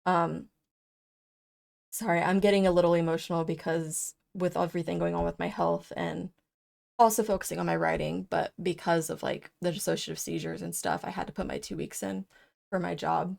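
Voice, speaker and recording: Her voice is lowish, creaky, and a little mellow, with fairly even intonation and a slightly fast pace. The young vlogger rambles through an unedited personal video full of fillers, openly emotional and crying as she goes on.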